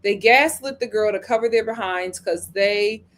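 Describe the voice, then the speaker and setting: A woman hosting a casual live-stream review, chatting and reading viewer comments with dramatic, animated retelling. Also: medium pitch, moderate pace.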